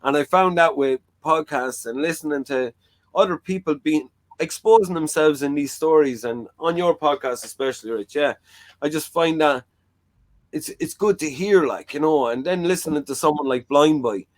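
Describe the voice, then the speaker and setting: A man's voice: a little high, moderate pace, no room sound. A man hosting a talk show, chatting frankly and rambling with lots of "like" and "you know". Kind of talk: casual chat.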